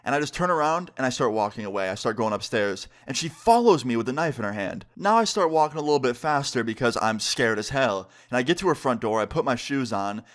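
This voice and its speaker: A young man vlogging a storytime, telling it in a casual, animated way and swearing freely. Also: medium pitch, quick pace, few pauses. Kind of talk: storytime vlog.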